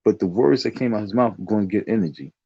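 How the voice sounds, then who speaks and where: A man's voice: fairly low pitch, fast, creaky, warm tone, breathy edge, no room sound, highs cut off. A man telling a rambling story in a casual monologue, often restarting his sentences. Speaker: online talk show host.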